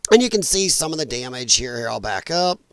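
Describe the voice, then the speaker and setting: His mid-range voice swings widely in pitch, fairly quick, a bit bright and smooth, with no echo. The man runs a casual political commentary livestream, bluntly exasperated, interrupted by coughs from an irritated throat and frequent apologies.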